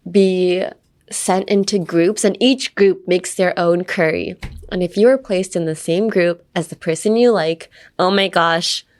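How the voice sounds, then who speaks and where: Playful American woman teaching English. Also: a little mellow. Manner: chatty and playful, acting out lines with big pitch jumps. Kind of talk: casual podcast English lesson.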